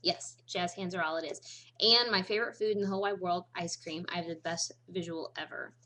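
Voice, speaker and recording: A woman's voice: lowish voice, fairly even intonation, a little fast, bright, forceful tone. A woman in her thirties chatting casually to camera in a bubbly, talkative way, often laughing. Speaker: vlogger.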